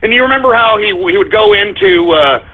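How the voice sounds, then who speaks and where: Husky high voiced radio guy ranting at listeners, abrasive, sounds like a phone line. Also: lively intonation, brisk. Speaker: radio show host. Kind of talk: call-in radio rant. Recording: tinny phone-like lo-fi audio.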